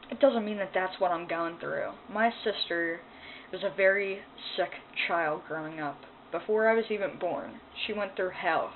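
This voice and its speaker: A woman ranting in a personal vlog, angry, upset and emotional, swearing as she talks. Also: medium pitch. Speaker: vlogger. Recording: tinny phone-like sound, faint noise.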